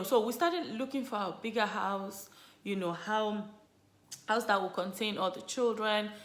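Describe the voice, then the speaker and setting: A woman vlogger casually telling viewers her story, chatty and animated, full of "you know" and "like". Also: medium pitch. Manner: animated, lively retelling. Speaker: vlogger, mother sharing her birth story. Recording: roomy echo.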